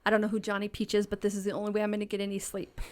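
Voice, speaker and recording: A middle-aged woman telling stories as a podcast guest in a casual, lively, blunt way, swearing freely and often laughing. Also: mid-range voice, racing. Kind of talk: casual storytelling.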